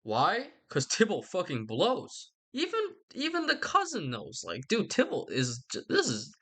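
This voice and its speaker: A young man tells a story in a loose, rambling way, full of sarcasm and casual swearing. His pitch leaps around a lot as he talks. The tone stays offhand and jokey throughout. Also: huge pitch swings, measured pace, a bit bright. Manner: casual, sarcastic, swears, acts out characters in quotes. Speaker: youtuber recapping a book. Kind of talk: rambling comedic recap.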